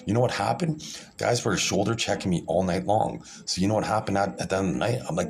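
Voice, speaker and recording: A video creator with a deep voice speaks briskly straight to camera in a rambling monologue. He's boastful, profane and combative, repeating himself and often restarting his phrases.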